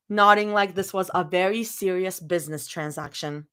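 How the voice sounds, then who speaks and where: A woman's voice: mid-range voice, normal speed, few pauses, fairly bright tone, smooth. A woman cold-reading fanfiction live, breaking off into giggly, chatty asides. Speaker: fanfiction reader.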